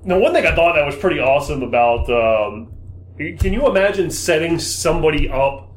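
A man's voice: on the high side, animated, moderate pace, roomy sound, slight background noise. A man in his thirties co-hosting a casual podcast chat, swearing casually and laughing often. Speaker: podcast co-host.

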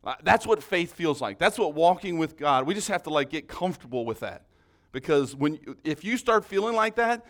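Pastor, man, casual storytelling preacher, voice a bit higher than usual. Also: lively intonation, a little fast, a bit bright. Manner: storytelling, conversational, with frequent restarts. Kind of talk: sermon.

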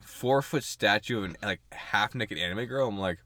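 A man's voice: lowish voice, normal speed, pushed and bright, dry recording. A man co-hosting a casual podcast chat, joking crudely and laughing often. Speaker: podcast co-host.

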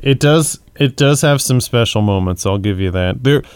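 A man's voice: medium pitch, lively intonation, normal speed, smooth, dry recording. A man co-hosting a podcast in casual movie chat, rambling a little and searching for words. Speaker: podcast co-host.

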